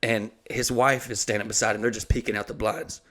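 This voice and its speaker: A man's voice: lowish voice, a little fast. A man, a comedian hosting a podcast, telling a rambling, profane story in casual chat. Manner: rambling, profane, animated retelling.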